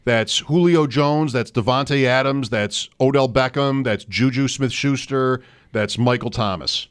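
A man's voice: medium pitch, a little slow, clear, resonant tone. A man co-hosting a casual fantasy football chat, thinking aloud and rattling off player names. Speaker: co-host.

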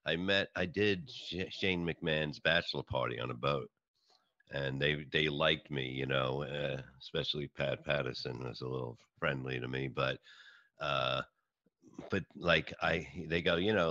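Very deep-voiced middle-aged New man. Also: steady tone, bright, forceful tone, dry recording, highs cut off. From New York. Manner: rambling, halting storyteller with many restarts. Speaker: comedian and podcast guest. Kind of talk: casual interview chat.

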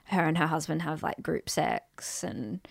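A woman's voice: low-pitched, measured pace, gravelly, slightly rough, no echo, studio quality. An Australian woman in her thirties, co-hosting a crude, gossipy comedy podcast chat and laughing often. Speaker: podcast co-host.

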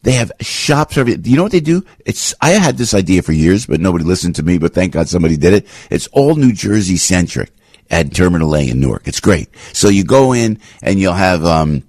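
Low, husky man ranting on talk radio. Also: big pitch swings, a little fast, darkish tone, no room sound. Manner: ranting, emphatic, repeats phrases. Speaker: radio talk show host. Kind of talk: opinionated radio monologue. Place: radio studio.

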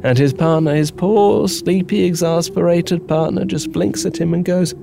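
Playing an agent leaving a voicemail in an audio drama, a man tells a long, rambling, playful story. His voice is gravelly and a little high, with a steady tone and moderate pace, while music plays behind him and crickets chirp.

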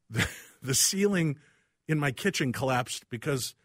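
A man hosting a casual talk show, telling animated, self-deprecating stories about his house. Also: mid-range voice, measured pace, no echo, studio quality. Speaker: radio show host. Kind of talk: casual chat.

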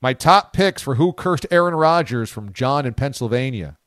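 A man hosting a sports talk radio show, animated and incredulous, cracking jokes and reading out listener posts. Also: mid-range voice, moderate pace, no room sound, clean studio sound.

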